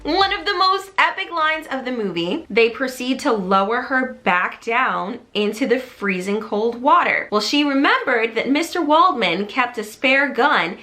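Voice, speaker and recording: A woman chats through a movie plot in a casual vlog, keen and lively. Her voice is bright, ringing and sits a bit high. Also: measured pace, few pauses, faint music behind. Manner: chatty, enthusiastic. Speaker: movie storyteller vlogger.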